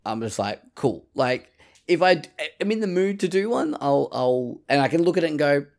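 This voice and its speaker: A man's voice: on the high side, animated, moderate pace. A man chats casually on a gaming podcast. He swears freely and acts out his own reactions to the game. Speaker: podcast co-host. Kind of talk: casual chat.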